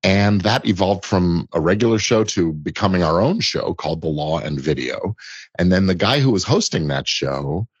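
A man's voice: low voice, breathy edge, no room sound, dull audio. A middle-aged man, an entertainment lawyer, explaining things thoughtfully as an interview guest, often restarting phrases. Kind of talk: conversational interview answers.

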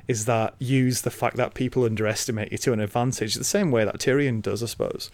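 A man's voice: medium pitch, steady tone, a little fast, a little mellow, no echo. A man co-hosting a podcast, talking casually with a lot of ums and restarts. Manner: hesitant, many fillers and restarts. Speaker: podcast co-host. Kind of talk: casual chat.

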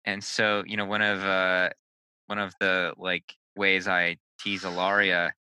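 A man in a casual discussion who talks with animated restarts and brief asides. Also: low voice, a little slow, clean tone, no echo, rough recording. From United States. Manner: animated storyteller, frequent restarts.

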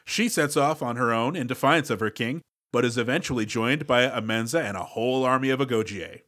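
A man co-hosting a podcast, summarizing a movie plot in a relaxed, casual way. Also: mid-range voice, a little fast. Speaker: podcast co-host. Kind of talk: casual movie review chat.

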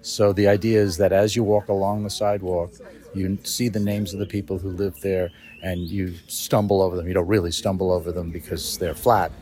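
A man speaking as an interviewee, explaining things in a relaxed way. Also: low-pitched, a little fast. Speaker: family historian interviewee.

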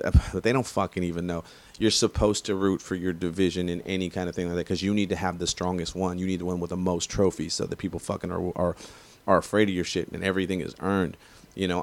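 Man, thirties, low voice, profane rambling casual rant. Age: 30s. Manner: profane, rambling, animated when riled.

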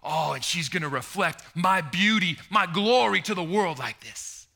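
Male preacher, sermon, high pitch, very bright and forceful tone, passionate, loud then hushed. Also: expressive, moderate pace, creaky. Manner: passionate, swinging between loud emphasis and hushed tones.

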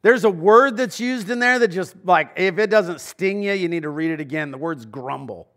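A man's voice: high-pitched, animated, moderate pace, fairly bright tone. A man, a pastor, giving a sermon in a casual, conversational way with slang asides. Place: church.

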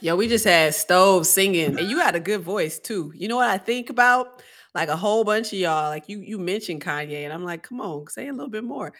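A woman's voice: mid-range voice, animated, a little fast, a bit bright. A woman hosting a casual conversation, speaking enthusiastically in slangy, everyday talk.

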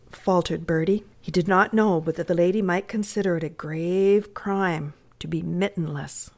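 A woman narrating a classic story in a measured readers' theatre reading. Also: fairly low pitch, fairly even intonation, darkish tone.

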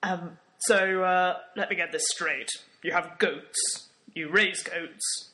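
A man's voice: sits high, steady tone, slow pace, pushed and bright, slight background noise, exaggerated voice. A young man playing a dry, sarcastic, skeptical volunteer in a comedy sketch.

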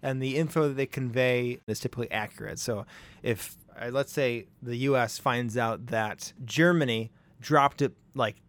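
A man's voice: medium pitch, normal speed, a bit bright. A young man co-hosting a podcast, telling a history story in a casual, chatty way and chuckling often. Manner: conversational, chuckles often, puts on silly voices for quotes.

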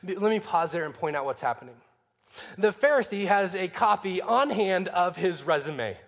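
High-voiced preacher in an echoing hall. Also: male voice, lively intonation, moderate pace. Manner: conversational preaching, rhetorical questions. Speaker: pastor. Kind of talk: sermon.

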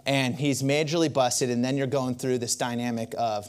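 A man's voice: medium pitch, steady tone, a little fast, few pauses, clean tone. A male pastor delivers a sermon and leans on a personal story. He talks like he is chatting, and often stops to aim asides at the congregation.

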